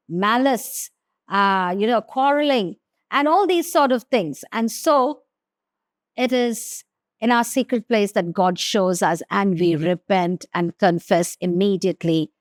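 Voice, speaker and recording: A woman teaching the Bible in a devotional way, reading scripture aloud and then explaining it slowly and with emphasis. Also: fairly high pitch, no echo, clean studio sound.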